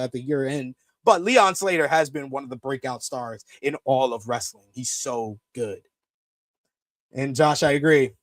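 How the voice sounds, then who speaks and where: A man hosting a live-stream wrestling review, reading viewer comments and ranting loudly at times. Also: fairly high pitch, no room sound. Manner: animated, swears when ranting.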